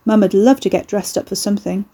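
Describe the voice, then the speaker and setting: A woman's voice: medium pitch, quick pace, mellow, close to an everyday voice. A woman voicing a sardonic young man who works curses, mocking, offhand and crude.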